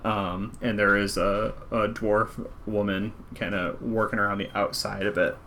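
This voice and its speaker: Bright-voiced man running a tabletop game. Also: lowish voice, little pitch movement, unhurried, a little hiss or hum. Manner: loose, filler-heavy narration. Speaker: game master.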